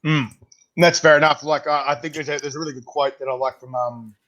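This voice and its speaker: A man hosting a casual interview, chatty and quick to laugh. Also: fairly high pitch, steady tone, a bit bright. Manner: chatty, laughs often, acts out quoted voices. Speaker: podcast host. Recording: slightly dull, lo-fi sound.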